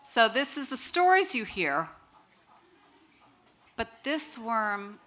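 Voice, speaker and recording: Bright-voiced woman telling a story. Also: a little high, slow. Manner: lively, wry, acts out quoted voices. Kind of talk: live personal storytelling to an audience.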